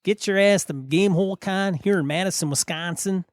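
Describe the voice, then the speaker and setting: A man's voice: sits high, fairly quick, no echo, studio quality. A man co-hosting a casual podcast chat, breezy and teasing, hyping a sponsor. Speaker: podcast co-host.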